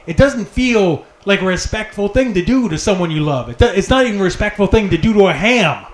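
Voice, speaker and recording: Brief: man, stand-up comic, wry and quick, roomy echo. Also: high-pitched, lively intonation. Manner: quick, wry, swearing delivery. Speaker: stand-up comedian. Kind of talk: stand-up routine. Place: comedy club stage. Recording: echoey club room with noise.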